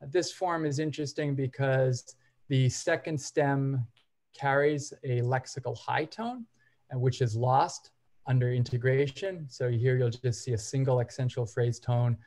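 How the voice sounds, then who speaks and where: A man's voice: mid-range voice, a little slow, darkish tone. A man presenting at a university seminar, giving an academic lecture and explaining step by step with occasional hesitation fillers. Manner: methodical, explains step by step while walking through examples.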